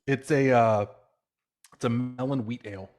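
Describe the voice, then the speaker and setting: A man's voice: mid-range voice, fairly even intonation, moderate pace, a little mellow. A man co-hosting a podcast, laid-back and casual with crude humor. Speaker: podcast co-host.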